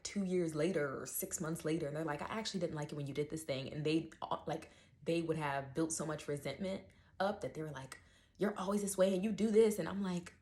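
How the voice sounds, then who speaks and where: A woman's voice: deep voice, a little mellow. A young adult woman talking candidly and emotionally about her experiences, full of fillers and quoted self-talk. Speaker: channel host. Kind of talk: personal reflective monologue.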